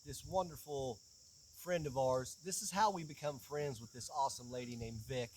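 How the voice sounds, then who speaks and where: A man hosting a casual chat outdoors, telling a funny story with lively energy. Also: medium pitch, moderate pace, slight background noise, rough recording. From southeastern Kentucky. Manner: animated, playful storyteller. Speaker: podcast host.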